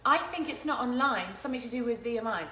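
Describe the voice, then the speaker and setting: A woman talks casually as she cooks at home, her voice bright and a little high. She is chatty and giggly, and the kitchen around her sounds echoey with a faint hiss behind. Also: expressive, quick pace. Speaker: host of a home cooking stream. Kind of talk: casual chat while cooking. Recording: echoey room with faint noise.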